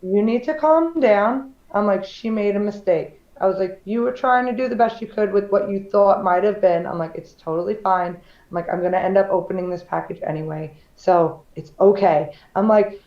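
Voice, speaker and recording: A woman's voice: medium pitch, fairly even intonation, brisk, hardly any pauses. Candid woman in a roomy, dull recording. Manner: candid storyteller, acts out quoted voices. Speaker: podcast co-host. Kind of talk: casual chat.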